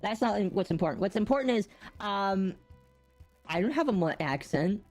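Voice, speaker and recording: A woman's voice: medium pitch, animated, darkish tone, soft background music. Rambling young woman podcast co-host. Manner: rambling, halting, many restarts and laughs. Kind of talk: casual streamed podcast chat.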